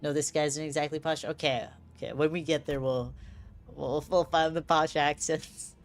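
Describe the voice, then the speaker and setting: Low-voiced woman streamer reading aloud. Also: steady tone, normal speed. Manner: reads lines aloud, attempts character voices. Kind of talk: casual chat while reading game text aloud.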